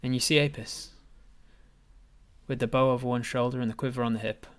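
A man's voice: mid-range voice, steady tone, fairly quick. Guy running a tabletop game, paints the scene in detail. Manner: vivid, descriptive storytelling. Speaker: game master.

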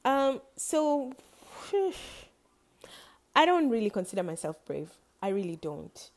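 A woman's voice: fairly high pitch, big pitch swings, takes it slowly. A woman hosting her own podcast, talking casually and playfully and laughing at her own jokes. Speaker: podcast host. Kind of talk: casual solo podcast talk.

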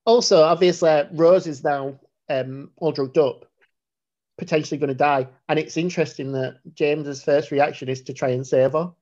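A man's voice: fairly high pitch, normal speed, highs cut off. Sweary man chatting about films. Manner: blunt, sweary and animated. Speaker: podcast co-host. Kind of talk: casual film discussion.

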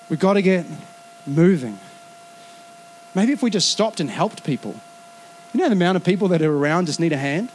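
Lively high-voiced male preacher. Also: quick pace, slight background noise. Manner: lively, conversational preaching with quoted asides and laughs. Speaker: pastor. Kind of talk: sermon.

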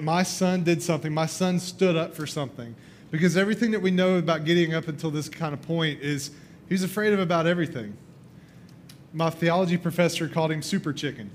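In his sermon, a man vividly narrates a scripture story and performs the characters' dialogue. His voice is on the high side, and there's a slight hiss or hum.

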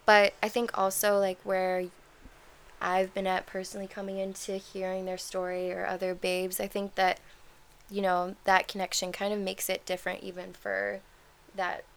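A woman's voice: mid-range voice, monotone, moderate pace. A woman co-hosting a casual chat, rambling with many fillers and restarts. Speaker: podcast co-host.

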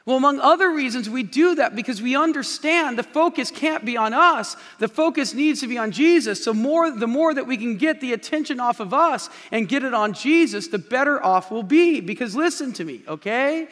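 Male pastor preaching emphatically from a big church stage; fairly high voice carrying a long room echo. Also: lively intonation, normal speed, few pauses, a bit bright. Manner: emphatic preaching, repeats key phrases, addresses the congregation directly. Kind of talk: sermon. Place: large church auditorium with a stage. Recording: long reverb of a large hall.

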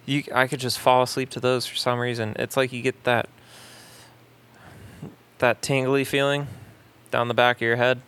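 A man's voice: medium pitch, flat delivery, normal speed, pauses often, a bit bright, smooth. A man co-hosting a podcast, chatting loosely and joking, with frequent fillers and trailing thoughts. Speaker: podcast co-host. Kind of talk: casual chat. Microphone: studio podcast mic.

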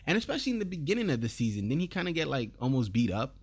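A man's voice: mid-range voice, sing-song, racing, darkish tone, slightly rough. A man co-hosting a casual podcast, recapping episodes in a laid-back, rambling way and laughing often. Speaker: podcast co-host.

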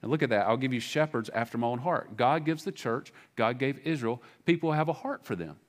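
A man's voice: medium pitch, a little fast. A man, a pastor preaching a sermon in a church, talking in a candid, conversational way with many restarts and fillers. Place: church sanctuary.

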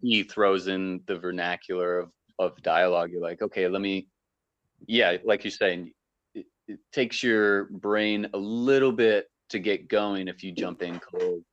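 A man co-hosting a podcast, chatting casually with relaxed, joking remarks. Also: low voice, unhurried. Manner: relaxed, joking, short agreements. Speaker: podcast co-host. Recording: dull lo-fi sound.

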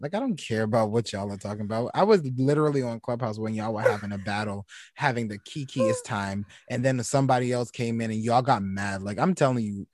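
A man's voice: on the low side, dry recording, clean studio sound. Blunt, sassy man podcast co-host. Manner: blunt, sassy, animated storytelling. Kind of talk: casual chat.

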